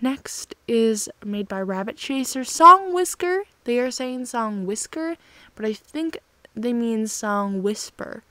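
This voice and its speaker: On her own channel, a woman chats casually and gushes sentimentally about fan art, sighing often. Her voice sits on the high side, expressive, slow, pushed and bright, and the recording is dry.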